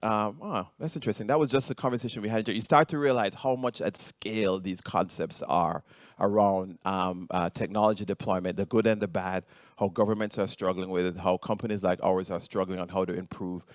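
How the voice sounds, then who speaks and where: Low-voiced Jamaican-accented man presenting. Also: steady tone, brisk, dry recording, studio quality. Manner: hesitant, many ums and restarts. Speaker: conference speaker. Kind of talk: conference presentation.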